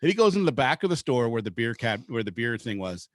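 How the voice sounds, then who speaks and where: A man's voice: medium pitch, sing-song, fast talker, no room sound, studio quality. A man from Seattle telling a long rambling story in casual podcast chat, swearing freely. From Seattle, Washington. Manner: rambling, profane, laid-back storyteller. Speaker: podcast host.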